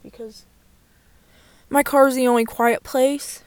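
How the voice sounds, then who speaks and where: A woman's voice: sits high, fairly even intonation, measured pace, a little mellow, smooth, dry recording. A young woman telling a candid storytime vlog from inside her car, swearing freely and filling her talk with "like.". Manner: candid, sweary, full of "like" fillers. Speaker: vlogger. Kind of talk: casual storytime chat.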